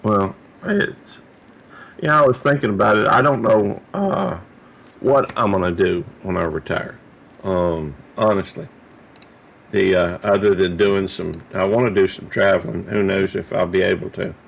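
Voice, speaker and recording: A man's voice: deep voice, unhurried, gravelly, fairly bright tone, slight background noise. A middle-aged man co-hosting a casual livestream chat, talking with many fillers and restarts. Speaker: livestream co-host.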